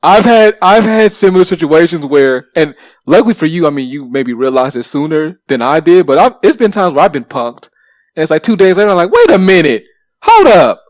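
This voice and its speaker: A man in his thirties co-hosting a podcast, telling stories in a lively way with plenty of swearing and fillers. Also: fairly high pitch, fairly quick, dry recording, clean studio sound. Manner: animated, swears freely, lots of fillers. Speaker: podcast co-host. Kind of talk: casual chat, storytelling.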